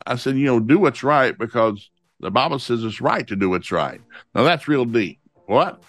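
A man teaching from the Bible in a homespun way, repeating each verse reference and reading scripture slowly. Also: mid-range voice, expressive, no echo. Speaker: preacher.

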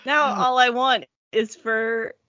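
A woman's voice: a little high, fairly even intonation, slow pace, bright, forceful tone, muffled recording. A woman, a mother and podcast guest, making dry, wry quips in casual chat.

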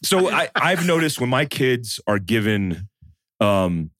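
In a studio-quality recording with no echo, a man in his thirties spins a story during casual conversation. He speaks slowly in a mid-range voice, animated throughout and acting out the quoted lines.

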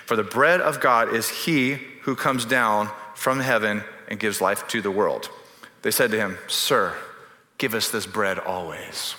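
A man's voice: lowish voice, unhurried, bright, forceful tone. A man preaching a sermon, reading scripture and breaking into humorous, conversational asides. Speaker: pastor. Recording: echoey hall reverb.

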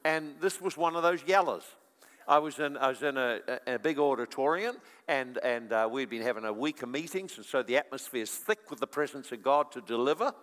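A male preacher giving a sermon in an animated storytelling manner, with chuckling asides. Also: medium pitch, a little fast. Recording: long reverb of a large hall.

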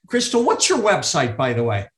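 A man's voice: on the high side, wildly swooping pitch, moderate pace, a bit bright. A man hosting a podcast interview, talking in a friendly, rambling way. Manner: friendly, rambling, self-deprecating. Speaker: podcast host. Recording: roomy echo.

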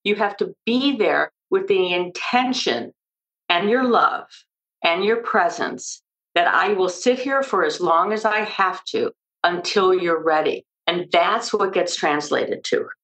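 Animated older woman, lowish voice. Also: a little slow, low-quality recording. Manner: animated, emphatic explaining with lively storytelling. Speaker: maternal mental health expert guest. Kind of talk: podcast interview.

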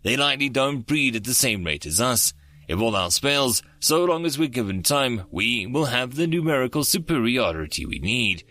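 A man voicing a calm, pragmatic female alien advisor who speaks quietly. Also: medium pitch, normal speed, dry recording. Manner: quiet, soft-spoken.

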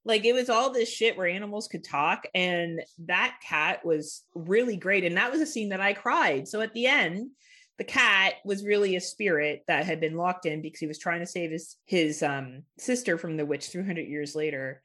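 A woman's voice: on the low side, moderate pace, bright, forceful tone. A woman co-hosting a podcast, chatting casually and animatedly about a film, swearing and laughing often. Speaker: podcast co-host. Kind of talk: casual film review chat.

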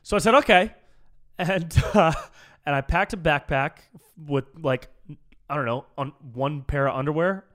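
A man with a slightly higher-pitched voice hosts a solo podcast and tells a long personal story. His delivery is casual, animated and jokey. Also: normal speed. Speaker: podcast host.

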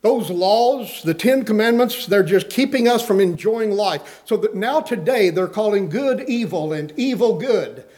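A man's voice: high-pitched, animated, measured pace, hardly any pauses, darkish tone. A man preaching a sermon, earnestly reading scripture aloud and putting questions to his listeners.

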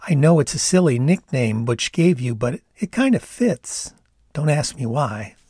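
A man's voice: mid-range voice, animated, measured pace, dark tone, husky, no room sound, studio quality. A man voicing a laid-back young woman backpacker with a Canadian accent, in an easygoing, dreamy drawl.

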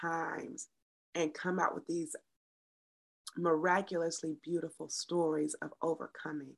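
A woman triathlete guest in a casual interview, animated and laughing easily. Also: low-pitched, measured pace, creaky. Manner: animated, laughs easily, swings loud to soft.

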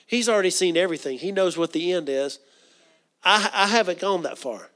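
Man preaching a sermon, slightly high voice. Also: expressive, a little fast, a bit bright. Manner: repeats words, asks the congregation questions. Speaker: pastor.

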